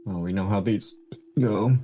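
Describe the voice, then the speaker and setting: A man's voice: on the low side, unhurried, warm tone, slight background noise. A man playing in a tabletop game who makes wry, laid-back remarks. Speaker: player. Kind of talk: casual tabletop play.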